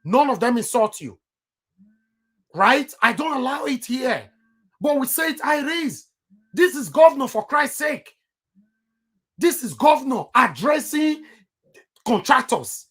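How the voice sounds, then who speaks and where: A man's voice: very high-pitched, big pitch swings, a little slow, long pauses, fairly bright tone, breathy edge. A man with a Nigerian accent giving heated political commentary on his vlog, emphatic and repeating himself for stress.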